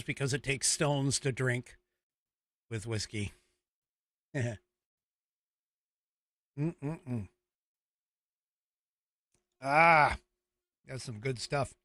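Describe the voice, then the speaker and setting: A bright, forceful-sounding American man hosts his show in a rambling, chatty way, often chuckling at himself. His voice sits a little high for a man and is recorded dry, close and with no room sound, as in a small studio. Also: no room sound. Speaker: show host. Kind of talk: casual talk show chat.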